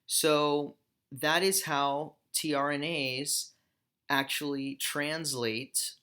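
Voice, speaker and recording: A man's voice: mid-range voice, sharp tone, smooth. A man, a professor, giving a recorded lecture over slides and explaining step by step, with small self-corrections.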